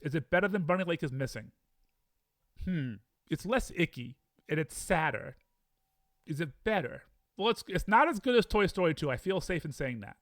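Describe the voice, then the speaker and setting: A man's voice: sits high, a bit bright, dry recording, studio quality. A man talking casually and with enthusiasm as he ranks films, weighing each one aloud against the others. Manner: chatty, enthusiastic, debates rankings aloud with himself. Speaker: film reviewer. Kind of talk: casual film-ranking monologue.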